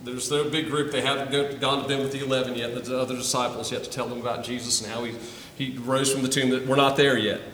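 A man's voice: medium pitch, little pitch movement, fast, a bit bright, a little hiss or hum. A man preaching a sermon to his congregation, earnest and often repeating his first words as he starts a thought. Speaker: pastor. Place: church sanctuary. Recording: roomy hall, from a distance.

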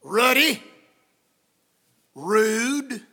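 Preacher man, sharp bright tone, gravelly, hush to shout. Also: very high voice, very animated, very slow. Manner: dramatic storytelling, swinging from hushed to shouting. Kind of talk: sermon. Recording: long hall reverb.

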